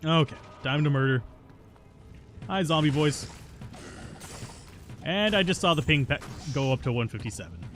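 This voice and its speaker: A man's voice: on the high side, lively intonation, normal speed, pauses often, a bit bright, soft background music. A man streaming a video game live, chatting casually and answering viewers' questions between plays, stubborn and self-mocking. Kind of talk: casual live gameplay commentary.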